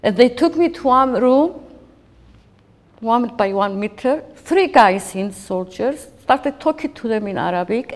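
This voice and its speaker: A woman in her fifties giving halting, emotional documentary interview testimony, often restarting her sentences. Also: fairly high pitch. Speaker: interviewee recounting a personal ordeal. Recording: long hall reverb.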